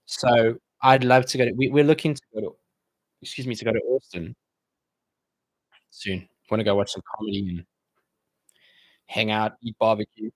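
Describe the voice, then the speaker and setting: A man's voice: on the low side, fairly even intonation, moderate pace, pauses often, no room sound. A man hosting a casual live-stream Q&A, reading viewer comments aloud and bantering about them.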